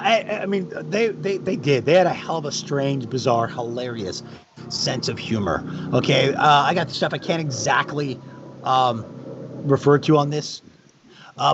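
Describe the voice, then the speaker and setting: A middle-aged man telling animated backstage anecdotes in casual chat, bursting into loud high quoted lines. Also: background noise. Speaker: guest on a charity live stream. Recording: dull lo-fi stream audio.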